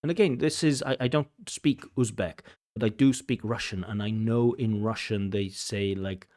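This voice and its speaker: Guy breaking down a speaking test, slows down to hammer his points home. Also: fairly low pitch, a little mellow. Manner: emphatic, repeats for stress, slows down to make points. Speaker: IELTS examiner and teacher. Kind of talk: explanatory commentary on a speaking test.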